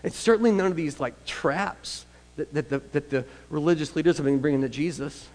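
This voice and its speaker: A pastor preaches a sermon, telling stories conversationally and making asides to the congregation. His voice is fairly high and a little mellow, and he speaks briskly. The long reverb of a large hall fills the recording.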